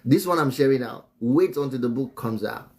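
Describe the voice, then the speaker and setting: A man's voice: mid-range voice, moderate pace, darkish tone. A man teaching about marriage on a live stream in a preachy way. He repeats phrases and chuckles often between remarks. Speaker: relationship teacher and author.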